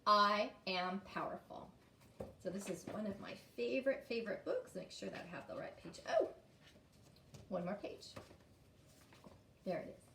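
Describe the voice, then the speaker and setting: A woman's voice: medium pitch, normal speed, creaky, long pauses, darkish tone, reverberant, distant mic, a little hiss or hum. A woman teacher reading a story aloud and guiding young children through a lesson in an encouraging way.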